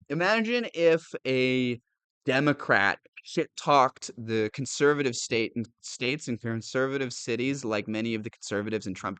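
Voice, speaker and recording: A man who reads news aloud and adds sarcastic, animated commentary, laughing often. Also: medium pitch, smooth, dry recording. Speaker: political commentator.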